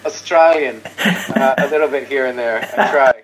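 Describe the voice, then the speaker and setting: A man speaking as an interview guest in casual chat, rambling and excitable, often trailing off and restarting, with a self-mocking chuckle. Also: medium pitch, normal speed, slight background noise, low-quality recording.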